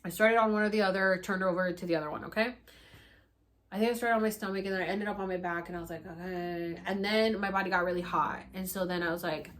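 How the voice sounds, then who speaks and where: A young woman vlogger telling a story casually and animatedly, acting out her own pleas in high, loud bursts and swearing freely. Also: fairly even intonation, fast.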